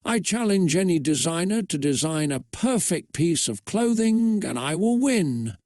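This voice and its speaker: A man's voice: high voice, big pitch swings, a little slow, a little mellow, no echo, studio quality. A man voicing a boastful, prideful teenage girl who makes proud, bragging declarations.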